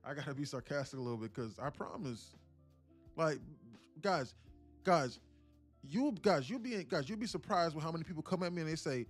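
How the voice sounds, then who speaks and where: A man coaching viewers live in a blunt, casual way, swearing freely and calling out to his audience again and again. His voice sits fairly high for a man. Soft music plays faintly behind him. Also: lively intonation, moderate pace. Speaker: day trading streamer. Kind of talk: live-stream coaching talk.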